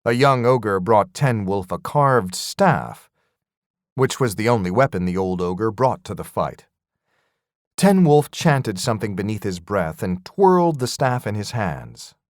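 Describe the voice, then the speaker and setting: A man narrating a fantasy audiobook in an expressive storytelling manner. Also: on the low side, measured pace, no room sound, clean studio sound.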